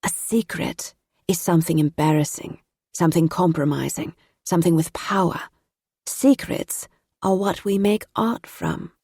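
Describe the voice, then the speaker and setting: A woman reading a sleepy, tipsy young woman who speaks slowly and deliberately. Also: on the low side, dark tone, breathy edge, no room sound, studio quality. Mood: languid.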